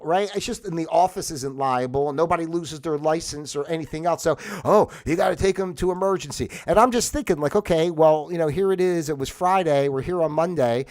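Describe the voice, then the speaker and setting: A man with a slightly high-pitched voice talks off the cuff on a livestream. He rambles and circles back with plenty of fillers, then gets heated and laughs at the absurdity. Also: a little mellow. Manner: rambling and conversational, getting worked up and exasperated; laughs between points, frequent fillers. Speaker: livestream host. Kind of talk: casual monologue. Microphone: livestream microphone.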